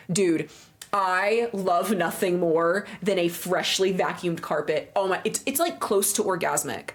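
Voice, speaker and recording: A woman's voice: on the low side, normal speed. A young woman livestreamer chatting casually with her viewers, crude, joking and playful. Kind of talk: casual stream chat.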